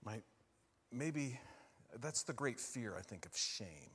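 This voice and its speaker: Guy preaching in a big echoey hall, asks the crowd stuff, goes quiet then loud. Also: mid-range voice, lively intonation, takes it slowly, long pauses, husky. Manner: questioning the listeners, swings from hushed to loud emphasis. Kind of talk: sermon.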